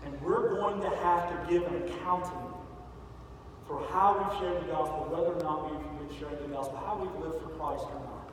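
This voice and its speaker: A male pastor giving a sermon in a large church sanctuary, telling a story and building to loud, emphatic peaks. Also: fairly high pitch, fairly even intonation, moderate pace. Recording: echoey hall from far off, faint noise.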